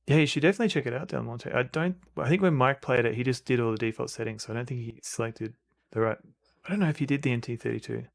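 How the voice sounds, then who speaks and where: A man's voice: mid-range voice, fast talker, gravelly, no room sound. A man streaming a retro game, chatting casually, rambling and restarting sentences, and reading game text aloud. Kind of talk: casual gameplay commentary.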